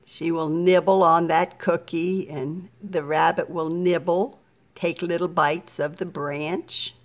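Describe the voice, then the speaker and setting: Woman teacher, middle-aged, slightly low voice, very slow and patient, splitting children's words into syllables. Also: steady tone. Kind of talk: slow phonics lesson for young children.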